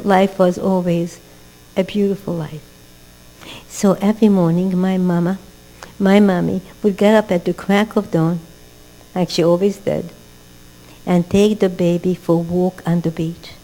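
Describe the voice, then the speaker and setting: A woman's voice: fairly even intonation, moderate pace, dark tone, rough recording. An older woman teaching a Torah class as a sermon, asking rhetorical questions, weaving in a family story, and building to emphatic exhortations. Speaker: religious teacher. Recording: low mains hum.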